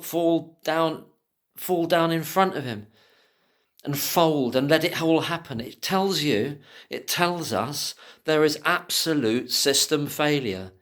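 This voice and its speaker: A man giving impassioned solo commentary who swears freely and swings from angry ranting to quiet muttering. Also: a little high.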